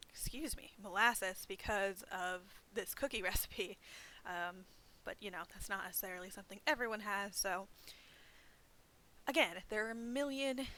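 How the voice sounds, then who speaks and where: A young woman talks through a homemade recipe at home, loose and chatty, full of fillers and little self-mocking asides. Her voice is bright and forward, and a faint hiss sits under the recording. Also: medium pitch, low-quality recording. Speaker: library program host. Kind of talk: casual craft demonstration.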